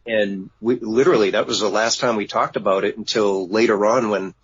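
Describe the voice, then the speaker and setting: Husky-voiced man, halting. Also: lowish voice, fairly even intonation. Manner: halting, many restarts. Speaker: guest witness. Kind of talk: casual radio interview. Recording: dull lo-fi remote line.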